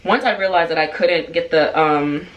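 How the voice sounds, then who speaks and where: A woman in her twenties telling a story in a casual vlog, animated and full of fillers. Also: sits low, normal speed, dull audio. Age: 20s. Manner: animated, chatty, filler-heavy. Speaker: vlogger. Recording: roomy sound, far from the mic.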